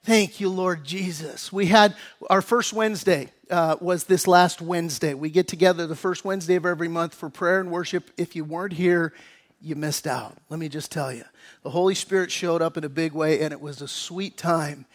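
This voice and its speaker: A man pastor giving a sermon in a conversational way, often dropping to a softer, lower voice for emphasis. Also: fairly quick.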